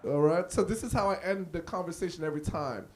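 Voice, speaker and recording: Speaking quickly in a voice on the high side, this stand-up comedian does a live set in a small cafe. He tells stories with animation and plays out the characters in them.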